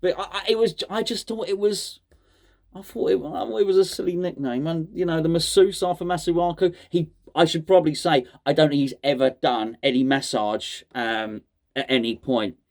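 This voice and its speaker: A man's voice: on the high side, moderate pace. A man hosting a casual chat, mock-serious and joking, often stumbling and repeating words. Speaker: host.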